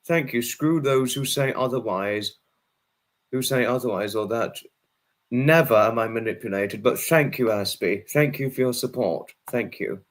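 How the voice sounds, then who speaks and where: A man hosting a casual livestream, reading out comments and thanking viewers, rambling and apologetic, flaring into angry rants. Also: medium pitch. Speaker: livestream host.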